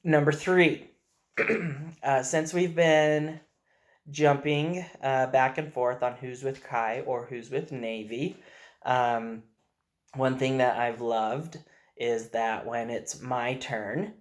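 A father speaking in a casual video message, telling gentle, earnest stories about his young son. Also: mid-range voice, steady tone, takes it slowly.

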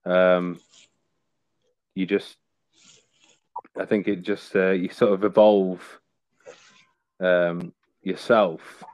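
A man with a lowish voice chats on a podcast. He rambles through his stories with lots of fillers and restarts. His voice is recorded close and dry, with little room sound. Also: level tone, extremely slow, long pauses, darkish tone, dry recording. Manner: rambling storytelling with many fillers. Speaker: podcast guest. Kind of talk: casual chat.

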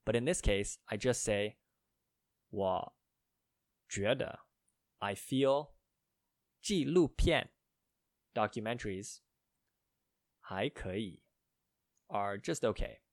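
A man slowly explaining Mandarin phrases and spelling out their tones, one letter at a time. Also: fairly low pitch, lively intonation, no echo, studio quality. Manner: slow, careful spelling out of tones. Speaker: language learner.

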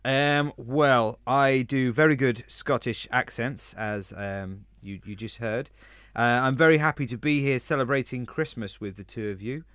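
A man's voice: medium pitch, unhurried, fairly bright tone, clear, resonant tone, no room sound. Brief: man from London, co-host, dry jokes, plain close dry sound. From England (London). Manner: dry humour, explanatory. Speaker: podcast co-host. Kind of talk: casual scripted podcast chat.

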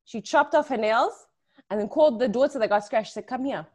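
A woman's voice: fairly high pitch, a little fast, darkish tone. A young woman co-hosting a podcast, telling stories in casual chat, swearing freely and laughing often. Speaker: podcast co-host.

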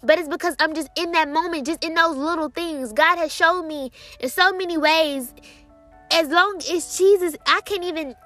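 A young woman, casually sharing a Christian testimony in an excited, chatty way, with many fillers and quoted dialogue. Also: very high voice, moderate pace, no room sound, soft background music.

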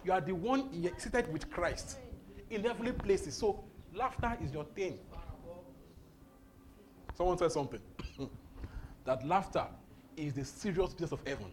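A man's voice: high-pitched, animated, moderate pace, long pauses, darkish tone, slight background noise. A man preaching a charismatic sermon, exuberant and often laughing as he repeats his phrases.

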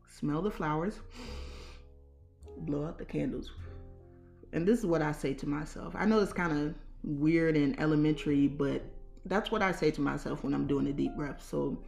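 A woman with a low, mellow voice hosts a casual advice podcast. She talks earnestly, repeating her key points and slowing down to stress them. Faint guitar music plays behind her. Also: vocal fry. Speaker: podcast host, parent caregiver.

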